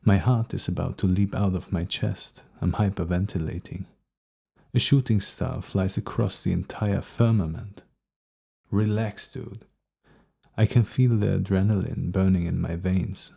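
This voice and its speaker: A man reads a first-person novel aloud at a steady, measured pace. His voice is very low and gravelly, with a dark, mellow tone. It sounds like a calm audiobook reading. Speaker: audiobook narrator.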